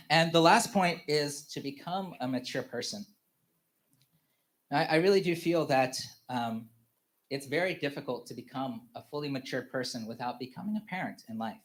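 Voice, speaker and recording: A man in his thirties giving a personal testimony at a church family service, speaking haltingly with many fillers and restarts and chuckling often. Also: medium pitch. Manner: halting, full of "you know" fillers and restarts; chuckles often while telling stories.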